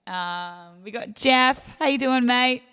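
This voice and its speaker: An Australian woman casually chatting to her livestream viewers as the singer hosting the show, warmly thanking tippers by name. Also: on the high side, slow pace, clean tone. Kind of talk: casual chat to online viewers. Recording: long reverb with instrument music.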